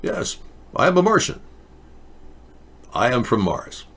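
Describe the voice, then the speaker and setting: A man voicing a stiff, formal stranger who claims to be a Martian, speaking in flat, robotic phrasing. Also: medium pitch, slow pace, breathy edge, full character voice.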